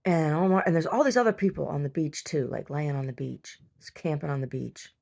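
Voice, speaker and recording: A woman's voice: sits low, fairly quick, vocal fry, a little mellow. A woman host telling a long casual story, rambling and chatty, full of fillers and restarts. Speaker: podcast host.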